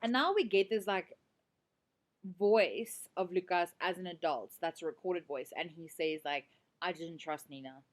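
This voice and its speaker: A woman's voice: on the low side, a little slow. A woman teacher with a South African accent, explaining a set drama in a casual, chatty way full of fillers.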